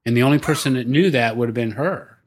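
A man's voice: medium pitch, fast talker. Older man, rambling storyteller. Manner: rambling, many restarts and fillers, chuckles now and then. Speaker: podcast guest, business coach. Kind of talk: casual storytelling.

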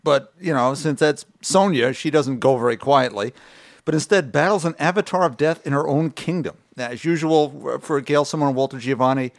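A man's voice: medium pitch, normal speed, dry recording, clean studio sound. Wry, amused podcast man. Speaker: podcast co-host. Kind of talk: casual chat.

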